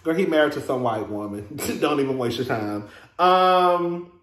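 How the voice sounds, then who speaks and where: A man's voice: a little high, expressive, a little slow, fairly bright tone, reverberant, a little hiss or hum. A man, hosting a casual review vlog in a sassy, chatty way, calling listeners "girl" and laughing often. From Texas. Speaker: reality TV reviewer, host.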